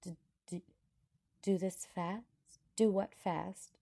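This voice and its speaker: A woman's voice: mid-range voice, flat delivery, fast, vocal fry, warm tone, breathy edge, pitched above the performer's own voice. A woman reading a fanfiction aloud, voicing a flustered, sassy young female mage who stammers and protests. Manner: stammering, indignant.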